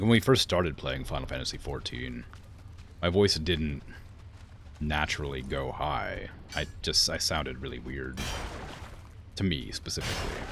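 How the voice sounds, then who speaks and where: Very deep, gravelly-voiced male streamer. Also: sharp tone, slight background noise. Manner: rambling, heavy use of "like" fillers; answers viewer questions while playing. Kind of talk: casual gaming stream chat.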